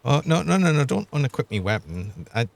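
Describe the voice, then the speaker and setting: A man's voice: medium pitch, big pitch swings, fairly quick, gravelly. A young man, chatting and laughing as he streams a game. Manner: chatty, laughs often, thinks aloud. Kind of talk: live gameplay commentary.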